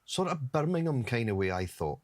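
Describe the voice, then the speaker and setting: A man's voice: mid-range voice, big pitch swings, a little fast, dry recording, clean studio sound. A man chatting casually on a podcast, joking and laughing. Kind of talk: casual chat.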